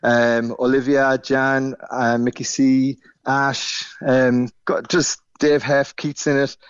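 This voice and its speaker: A man's voice: mid-range voice, flat delivery, slow, clear, resonant tone, no room sound. A man from Cork with a Cork accent calls into a radio show. He chats easily and laughs often. His voice sounds dry and close, as if over a phone call. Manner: chatty, laughing, easygoing. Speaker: caller. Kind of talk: casual radio chat.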